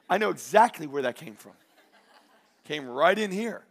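High-voiced joking male pastor. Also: moderate pace. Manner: animated and joking, acts out quoted voices. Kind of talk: sermon.

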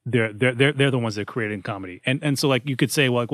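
A man's voice: medium pitch, quick pace, a bit bright, dry recording, clean studio sound. A man co-hosting a casual comedy panel, rambling with many restarts and fillers. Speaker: podcast co-host. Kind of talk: casual discussion.

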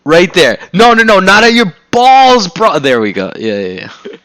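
A young man ribbing his buddy on a video call, loose and jokey, cursing often. His voice sits a bit high for a man, recorded close and dry with no room around it. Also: big pitch swings, normal speed, pushed and bright, dry recording. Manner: joking, teasing, swears a lot. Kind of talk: casual video-call chat.

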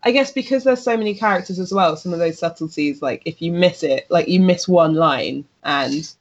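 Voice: mid-range voice, moderate pace, highs cut off. Playful, gushing podcast co-host. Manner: playful and gushing, laughs often. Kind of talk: casual chat.

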